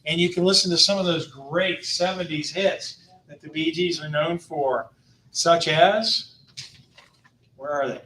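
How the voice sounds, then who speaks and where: At a casual club presentation in a meeting room, a tour company host in his fifties runs through upcoming trips with jokes and laughter between items. He speaks unhurriedly in a slightly high, sharp-toned voice. The recording is distant and echoey.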